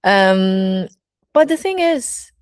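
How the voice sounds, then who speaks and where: A woman's voice: medium pitch, big pitch swings, extremely slow, smooth, no room sound, studio quality. A woman with a Brazilian accent, a burlesque teacher speaking candidly in a casual personal monologue, full of "you know, like" fillers.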